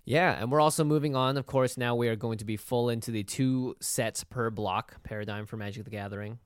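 A man's voice: medium pitch, fairly even intonation, fairly quick, clear, resonant tone, dry recording, clean studio sound. A man co-hosting a casual podcast chat, easygoing and agreeable, often laughing along. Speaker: podcast co-host.

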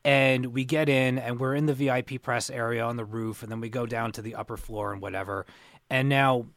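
A young man co-hosting a podcast, telling long convention stories. He rambles and restarts often, at an ordinary pitch. The sound is dry and close. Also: fairly even intonation, brisk, a bit bright, dry recording. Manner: rambling storyteller, many restarts. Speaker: podcast co-host. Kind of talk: casual podcast chat.

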